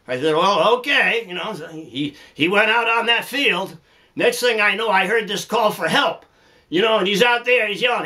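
A man's voice: high-pitched, expressive, moderate pace, bright, forceful tone. A man hosting a music lesson, telling folksy jokes in a chuckling, rambling way, full of "you know"s and laughing at his own punchlines. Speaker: music teacher and host.

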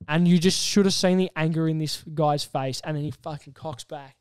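A young man, co-hosting a casual podcast chat and telling an animated story while swearing freely. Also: on the high side, moderate pace, clear, resonant tone, no echo, studio quality. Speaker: podcast co-host.

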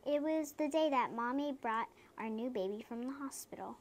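A woman reading children's picture books aloud, chatting between pages and playing up the sound words in a lively, sing-song way. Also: high voice, normal speed. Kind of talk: storybook read-aloud with casual chat.

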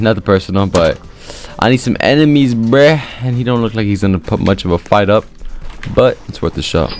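A man's voice: mid-range voice, noisy background. Young guy narrating his game, swears a lot, voice jumps all over the place. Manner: excitable, slangy, swearing, sudden yelps. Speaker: gaming video creator. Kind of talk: live gameplay commentary.

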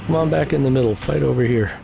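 A man's voice: mid-range voice, fast, vocal fry, background noise. A man casually commenting on his own gameplay, thinking aloud with fillers, and losing his voice. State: losing his voice, clearing throat. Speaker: gameplay video host.

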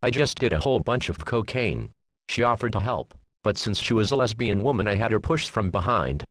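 A man narrating a comedic parody storybook in the first person, in a deadpan way full of crude jokes. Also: lowish voice, a little fast, dry recording.

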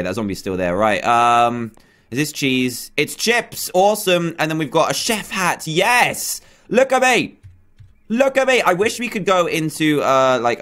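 A man giving excitable let's-play commentary, yelping and shrieking when threatened. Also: medium pitch. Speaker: gaming YouTuber.

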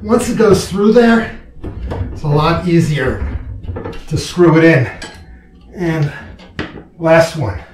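A man's voice: fairly high pitch, slow pace, pauses often. Man, casual how-to narrator, self-mocking, explains as he works; roomy echo, faint background noise. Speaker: do-it-yourself video maker. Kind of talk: casual narration while working. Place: indoor room being set up as a studio.

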